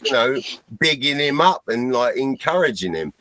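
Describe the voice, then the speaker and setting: A man's voice: mid-range voice, very animated, normal speed, pushed and bright, no echo, rough recording. A drunk man, swearing crudely on a stream panel. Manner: crude, insulting, heavy swearing.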